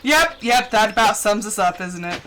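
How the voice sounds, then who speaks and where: A woman's voice: mid-range voice, lively intonation, normal speed, noisy background. A young woman with a General American accent, from the central United States, chatting casually on a gaming stream from home into a close mic, giggling often. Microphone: close desk mic.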